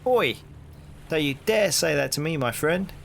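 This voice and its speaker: A man voicing a gruff, lazy male London street copper in a point-and-click game, talking in brash Cockney rhyming slang. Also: a little high, normal speed, a bit bright, a little hiss or hum, pitched above the performer's own voice. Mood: boastful.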